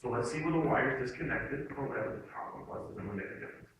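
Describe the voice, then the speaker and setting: A man voicing a calm, polite male store owner who speaks in a slow, even, soothing way, heard in an echoey hall from a distance. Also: medium pitch, a little hiss or hum, natural voice.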